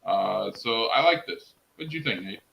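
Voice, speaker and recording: This wrestling recap host has a lowish voice with vocal fry and lively intonation, speaking at normal speed over lo-fi audio with slight background noise. Talking to his chat and co-host from a streaming setup, he's enthusiastic and says "freaking" almost constantly.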